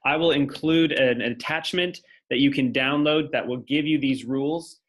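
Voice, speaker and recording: At a moderate pace, a male teacher explains a classroom lecture step by step while writing on a board and thinking out loud. His voice is medium in pitch with a fairly bright tone.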